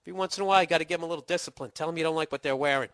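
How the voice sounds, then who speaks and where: Boston guy ranting on his podcast, sarcastic and cussing a lot, bright pushy voice, dry close sound. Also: on the high side, very fast, no echo. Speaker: podcast host. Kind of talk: rambling comedic podcast monologue.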